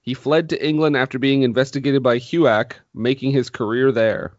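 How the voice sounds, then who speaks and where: A man's voice: mid-range voice, fairly even intonation, moderate pace, no echo, lo-fi sound. A man co-hosting a casual film podcast, playful and teasing, laughing often. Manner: playful, laughs often, teases his co-host. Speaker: podcast co-host.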